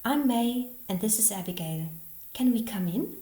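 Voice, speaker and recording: A woman's voice: fairly high pitch, lively intonation, moderate pace, dark tone, pitched above the performer's own voice, natural voice. A woman reading the part of an eager, curious young girl in a storybook, in a roomy-sounding recording. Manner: eager, exclaiming. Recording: roomy echo.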